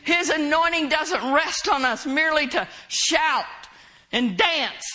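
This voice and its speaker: A woman preaching a sermon with an emphatic, drawn-out cadence. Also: high voice, pushed and bright, low-quality recording.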